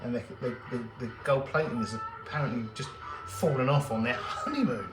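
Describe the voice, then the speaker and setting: Working in his jewellery workshop, a man hosts a live stream and chats in a loose, rambling, wry way, his medium-pitched voice a little fast. The room sounds open and echoey, and music plays clearly in the background.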